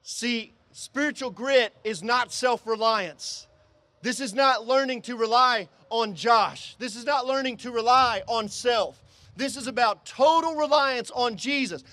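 A man with a very high voice preaches to his congregation, recorded close and dry. He swings between shouting emphasis and quiet, low-voiced passages, and repeats phrases to drive points home. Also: measured pace, dry recording. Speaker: pastor. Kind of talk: sermon. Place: drive-in service.

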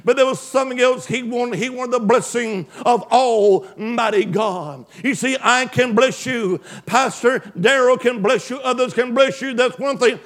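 A male preacher delivering an emphatic call-and-response sermon, swinging from loud exclamations to hushed asides. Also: very high voice, moderate pace, few pauses.

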